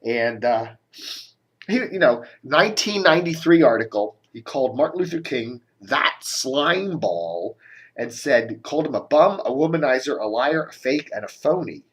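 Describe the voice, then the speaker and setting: A man's voice: mid-range voice, very animated, moderate pace, fairly bright tone. A man giving a casual, rambling media commentary, grumbling and sarcastic, with coughs and restarts. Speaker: media blogger doing a video commentary.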